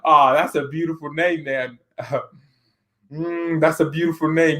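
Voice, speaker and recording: A man's voice: a little high, little pitch movement, measured pace, a bit bright. Rambling, laughing man chatting casually. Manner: rambling, laughing often, stammering restarts. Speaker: football channel host. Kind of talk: casual chat reading viewer comments.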